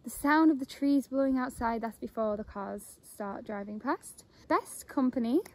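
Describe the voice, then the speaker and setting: A woman's voice: a little high, moderate pace, low-quality recording. A young woman vlogging outdoors on her phone by a pond, dreamy and delighted, laughing often. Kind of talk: casual outdoor vlog. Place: outdoors by a pond in abbey grounds.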